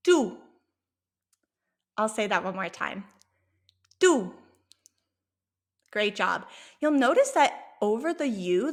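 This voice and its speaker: A woman's voice: on the high side, fairly bright tone. Upbeat woman teaching a lesson. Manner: encouraging, repeats words for learners to echo. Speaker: Spanish teacher. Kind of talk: online language lesson.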